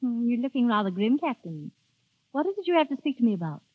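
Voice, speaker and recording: In a 1930s radio drama, a young woman plays a schoolmistress posing as a coquettish niece, delivering lines theatrically with frequent sighs and exclamations. Her voice is fairly high, husky, sing-song and fast. The old broadcast sounds tinny and lo-fi, with faint music.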